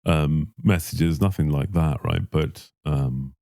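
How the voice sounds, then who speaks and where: Deep mellow easygoing man from Australia. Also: slow, dry recording, clean studio sound. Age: middle-aged. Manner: easygoing, agreeable, lots of affirming yeahs. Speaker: podcast co-host. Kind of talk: casual chat.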